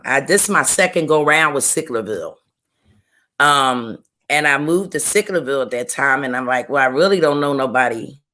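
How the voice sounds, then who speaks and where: A woman, a guest author, sharing an emotional personal testimony in an interview, telling it slowly and earnestly and often repeating her phrases. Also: a bass voice, fairly bright tone.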